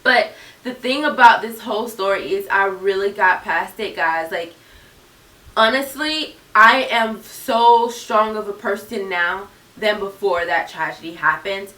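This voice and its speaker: A woman's voice: mid-range voice, measured pace, sharp tone, distant mic. A young woman in her twenties telling a personal story straight to her viewers in an earnest, chatty way. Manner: earnest, addresses viewers directly. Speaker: YouTuber. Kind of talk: storytime vlog. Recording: echoey room, mic set back.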